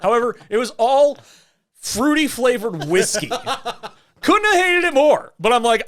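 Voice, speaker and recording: A man co-hosting a podcast, telling a long dream story in animated, swearing, laughing casual chat. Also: sits high, moderate pace. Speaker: podcast co-host.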